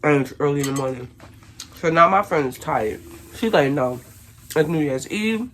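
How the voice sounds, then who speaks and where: A woman from Brooklyn, telling a casual storytime to her viewers and acting out the shouting in it. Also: deep voice, normal speed, a little hiss or hum. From Brooklyn, New York. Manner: animated, acts out shouted quotes. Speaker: vlogger.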